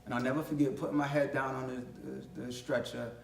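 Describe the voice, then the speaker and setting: A man's voice: mid-range voice, level tone, brisk, creaky, a little hiss or hum. A man giving a talk as a guest speaker, telling a personal story in a vivid, conversational way and acting out the voices he quotes. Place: college library event space. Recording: echoey room, distant mic, faint ambience.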